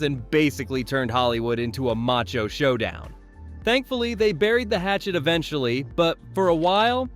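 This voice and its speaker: A man narrating a scripted commentary video in a wry, playfully sarcastic way, speaking straight to the viewers. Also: on the high side.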